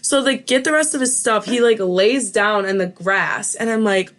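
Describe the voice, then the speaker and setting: A woman's voice: on the high side, normal speed. A young woman hosting a podcast, telling family stories in a casual chat full of "like" and quoted dialogue. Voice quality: animated storyteller, lots of fillers. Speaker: podcast host.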